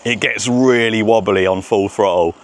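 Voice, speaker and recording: A man testing a remote-control car outdoors by a road, chattering excitedly to himself as he films. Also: on the low side, normal speed. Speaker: RC car vlogger. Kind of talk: casual self-narration while testing.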